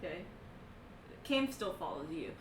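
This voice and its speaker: A woman narrating as game master of a tabletop game, excitable and laughing as she voices the characters. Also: fairly low pitch, a little slow, reverberant, far from the mic, noisy background.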